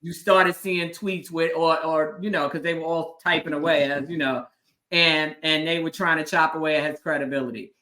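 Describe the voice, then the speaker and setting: Bright-voiced woman host telling a story. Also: low-pitched, fairly even intonation, moderate pace. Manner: earnest storytelling, emphatic, frequent affirming murmurs. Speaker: host, legal analyst. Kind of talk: casual interview conversation.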